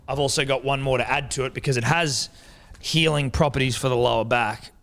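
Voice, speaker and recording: A man's voice: mid-range voice, steady tone, brisk, fairly bright tone. A man, co-hosting a podcast in laid-back, swearing banter. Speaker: podcast co-host. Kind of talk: casual podcast chat.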